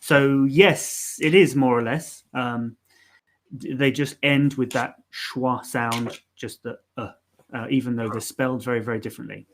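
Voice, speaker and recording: A man's voice: medium pitch, steady tone, measured pace. A man co-hosting a live learning stream, explaining pronunciation in a casual, hesitant way with many fillers. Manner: hesitant, lots of ums and restarts, explanatory.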